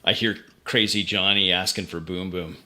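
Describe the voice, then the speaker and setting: A man playing a tabletop sci-fi game, briskly describing his character's actions. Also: low voice, steady tone, bright, forceful tone. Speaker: player.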